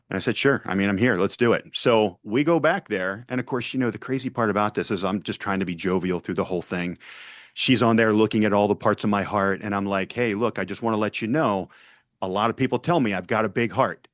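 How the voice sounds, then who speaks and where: Low-voiced man telling his story. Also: a little fast, no echo, studio quality. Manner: earnest storyteller, acts out dialogue. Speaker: podcast guest. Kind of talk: personal story in an interview.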